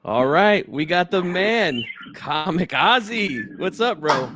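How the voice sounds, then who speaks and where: A man hosting a live boxing call-in show, chatting in a relaxed, friendly way. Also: high-pitched, slow pace, noisy background. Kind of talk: casual live-stream chat.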